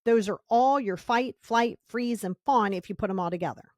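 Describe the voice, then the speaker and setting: A woman's voice: on the high side, moderate pace, darkish tone, dry recording, clean studio sound. A woman hosting a self-help podcast, talking emphatically, repeating key words for stress and acting out little scenes in quoted voices. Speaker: podcast host.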